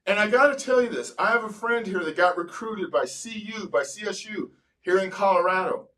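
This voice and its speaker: A man hosting a podcast as a psychologist, telling stories in an animated way and slowing to stress points. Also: high-pitched, distant mic, rough recording. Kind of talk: casual interview chat.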